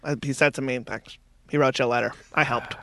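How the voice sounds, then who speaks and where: A man playing an awkward, soft-spoken middle-aged dad who tries to seem cool in an improvised radio comedy sketch. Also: mid-range voice, fairly even intonation, a little fast, dry recording, pitched below the performer's own voice. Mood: sheepish.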